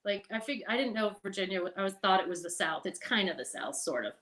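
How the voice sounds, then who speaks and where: A woman's voice: mid-range voice, fast. Chatty middle-aged woman telling stories. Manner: chatty, animated, laughs and swears. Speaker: podcast guest. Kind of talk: casual storytelling.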